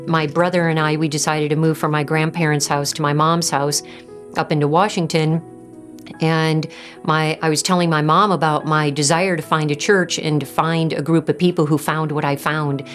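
A woman giving a personal faith testimony, earnest and halting, often restarting her sentences. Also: deep voice. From Southern California. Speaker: testimony speaker.

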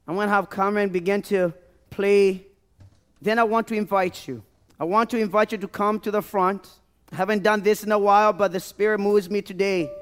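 A man with a high voice preaches to his church in a pleading sermon, building phrases through repetition and swinging between loud, lifted lines and low, hushed ones. Soft music plays faintly under him. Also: a little fast. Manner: pleading, rising and falling intensity, repeated phrases. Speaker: pastor. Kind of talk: sermon with altar call. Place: church sanctuary.

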